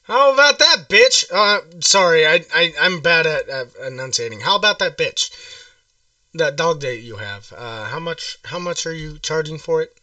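Brash male crank caller, high and bright, rambling, quick to blow up, slightly off-mic. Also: lively intonation, no echo, distant mic. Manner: rambling, confrontational, erupting into shouts. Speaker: prank caller. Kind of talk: crank phone call comedy.

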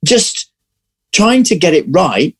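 A man, an actor, chatting in an interview, telling lively stories and restarting his sentences often. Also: sits high, slow, breathy edge. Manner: animated storyteller, restarts often. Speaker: actor guest. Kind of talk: casual interview chat.

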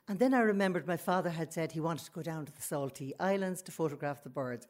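A woman telling a comic personal story live, animated and full of laughing asides. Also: fairly low pitch, fast.

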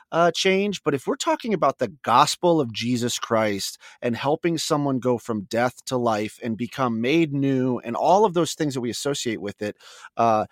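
A man's voice: mid-range voice, no echo, clean studio sound. A man co-hosting a casual faith podcast, talking in a reflective, searching way. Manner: reflective, lots of fillers and restarts. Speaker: podcast co-host.

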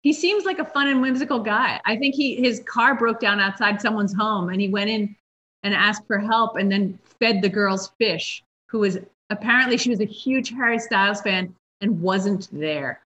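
Bright-voiced woman host, dull lo-fi sound. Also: mid-range voice, normal speed. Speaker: podcast host. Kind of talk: casual interview chat. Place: home kitchen.

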